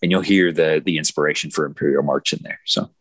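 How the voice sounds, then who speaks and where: A man's voice: a bass voice, fast talker, husky, dry recording. A man hosting a casual podcast, joking and putting questions to his co-hosts. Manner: joking, lively, asks the questions. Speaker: podcast host.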